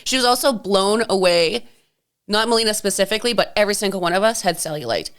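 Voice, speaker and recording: A woman's voice: mid-range voice, expressive, fast talker, a bit bright, clean tone. A woman co-hosting a podcast, chatting casually and telling stories, often acting out what other people said. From Canada. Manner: chatty storyteller, acts out quotes. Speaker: podcast co-host. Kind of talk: casual chat.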